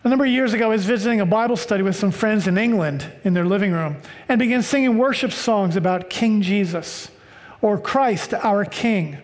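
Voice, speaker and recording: High-voiced American man preaching in a hall. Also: a little fast. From United States. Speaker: pastor. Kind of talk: sermon reading and explaining scripture.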